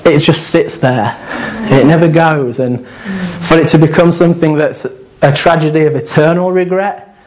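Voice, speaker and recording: Man preaching a lively sermon. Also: fairly high pitch, moderate pace, poor audio. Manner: conversational, animated, with laughs and asides.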